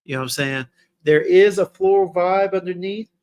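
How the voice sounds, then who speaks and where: A man with a fairly high voice for his sex, hosting a casual livestream review. He talks in a loose, slangy way straight to his viewers and thinks out loud as he goes. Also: moderate pace. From Texas. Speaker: fragrance reviewer, livestream host.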